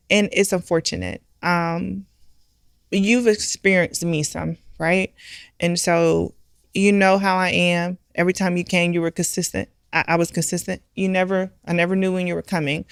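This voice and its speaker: A woman's voice: lowish voice, creaky, dry recording, studio quality. A middle-aged woman, a bar owner, speaking candidly and emphatically in an interview, often using rhetorical questions. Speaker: guest, restaurant and bar owner.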